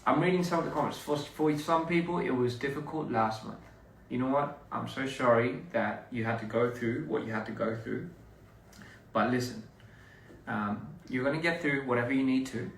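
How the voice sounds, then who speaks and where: A young man chatting to fans in a relaxed, rambling way, often restarting his sentences. His mid-pitched voice is caught by a phone set back from him in a reverberant room, with a faint hum of ambience behind. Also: normal speed. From Australia. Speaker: performer talking to fans. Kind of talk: casual livestream chat. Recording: roomy, somewhat distant phone audio.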